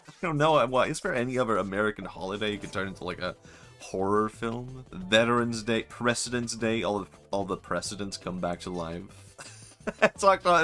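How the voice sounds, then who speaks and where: Male streamer, low register, loose joking delivery over quiet game music. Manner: rambling, joking, often laughing. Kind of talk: casual gaming stream chat.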